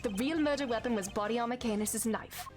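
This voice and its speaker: A woman reading the lines of a composed, formal male prosecutor in measured tones. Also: fairly high pitch, close to an everyday voice. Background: game music.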